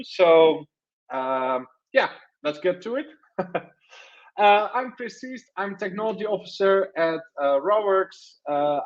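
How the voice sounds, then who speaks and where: A man presents on a live webinar, pausing often and filling gaps with fillers. His voice sits a little high. The sound is dull and lo-fi, as over a video call. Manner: hesitant, many fillers. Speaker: conference presenter. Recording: dull lo-fi online audio.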